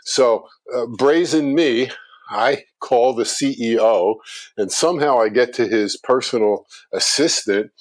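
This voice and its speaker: A middle-aged man, a guest on a business talk show, telling a story in conversation with animated delivery. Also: mid-range voice, unhurried. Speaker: guest speaker on customer experience.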